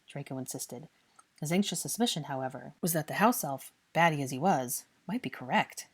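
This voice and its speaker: A woman reading a fan fiction story aloud in a steady, expressive narration. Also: low voice, normal speed, slightly rough.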